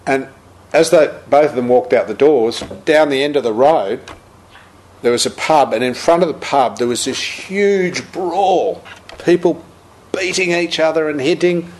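Man in his sixties, Buddhist teacher, animated anecdotal storytelling. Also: a little high, measured pace, a little hiss or hum. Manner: animated anecdotal storyteller, acts out quotes, laughs. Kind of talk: storytelling talk.

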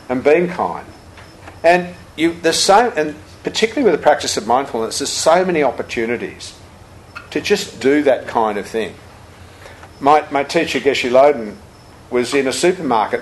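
An older man, a Buddhist teacher giving a talk full of anecdotes, told with lively chuckles. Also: medium pitch, slight background noise, rough recording.

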